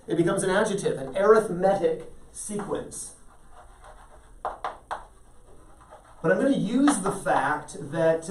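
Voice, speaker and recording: A man's voice: on the high side, a little mellow. Male math teacher in an echoey classroom. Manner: patient, explains step by step, quizzes students by name. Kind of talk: classroom lecture. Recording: echoey classroom, mic at a distance.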